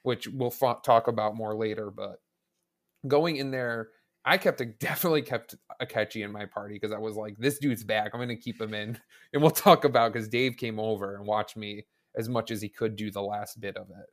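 This podcast guest has a lowish voice and talks at a normal speed. He's chatting casually about a video game, full of enthusiasm, rambling and frequently starting his sentences over.

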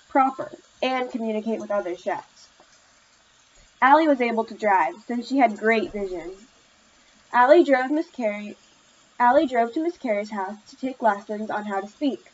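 A woman reads a story aloud in a plain, steady manner. Her voice sits a bit high. The recording sounds somewhat dull and lo-fi. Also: moderate pace, slight background noise. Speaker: narrator. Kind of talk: storybook narration. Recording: slightly muffled lo-fi recording.

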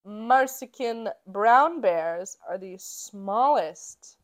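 A woman's voice: medium pitch, expressive, extremely slow. A young woman co-hosting a podcast, telling a story in casual chat, giggly and teasing.

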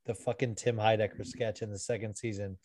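A man's voice: lowish voice, level tone, a little fast, darkish tone, no echo. A man co-hosting a podcast, telling stories loosely and swearing, while a bit sick. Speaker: podcast co-host. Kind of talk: casual podcast chat.

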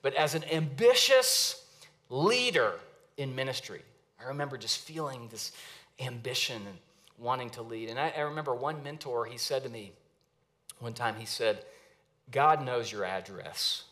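A young man, a pastor, preaching a sermon with earnest, emphatic rises and pauses. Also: mid-range voice, animated, a bit bright. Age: young adult.

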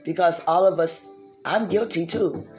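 A woman's voice: fairly low pitch, normal speed, muffled recording, soft background music. A woman hosting a casual chat show, telling stories with a laugh and talking straight to her listeners. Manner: lively storyteller, laughing, addresses listeners as y'all. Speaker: host.

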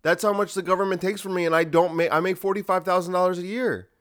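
A man's voice: sits high, fairly even intonation, fast, fairly bright tone. A man hosting a solo podcast, ranting in a sarcastic, profane way. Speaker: podcast host.

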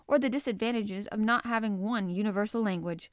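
A woman doing a quiet, polite manservant. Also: mid-range voice, a little fast, no echo, studio quality, close to an everyday voice. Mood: calm. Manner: quiet, deferential. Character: calm, polite Flemish manservant, philosophical.

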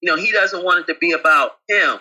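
Husky bright-voiced man chatting casually. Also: high-pitched, fast talker, low-quality recording. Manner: chatty, calls co-host babe. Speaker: co-host. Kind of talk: casual chat.

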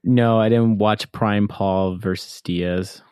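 A man's voice: lowish voice, steady tone, takes it slowly, a little mellow, clear, resonant tone, dry recording. Laid-back young man, dry sound. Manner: laid-back, giggly, swears casually. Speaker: podcast co-host. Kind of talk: casual chat.

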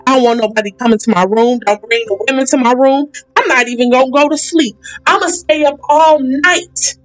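A woman's voice: high voice, a little fast, lightly acted. A woman voicing an ancient king as a swaggering man who makes slangy, boastful vows. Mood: defiant. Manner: slangy, boastful vow-making.

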